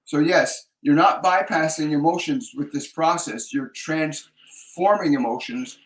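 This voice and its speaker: Answering viewers' questions during a live spiritual talk, a male psychic medium stays measured and repeats important phrases to stress them. His voice is a little high and fairly bright, and the low-quality recording is reverberant.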